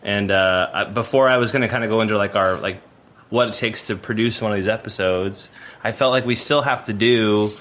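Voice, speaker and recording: A man's voice: fairly low pitch, fairly quick, fairly bright tone, a little hiss or hum. A man producing a podcast, chatting casually and rambling with lots of fillers and restarts. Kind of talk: casual chat.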